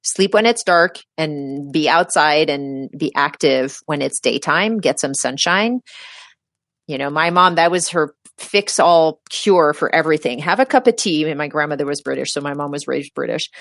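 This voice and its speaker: A woman's voice: sits low, moderate pace, no room sound, clean studio sound. A middle-aged woman, a healthcare provider, giving emphatic advice as a guest in a casual interview and acting out her patients. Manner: animated, emphatic, acts out quoted patients.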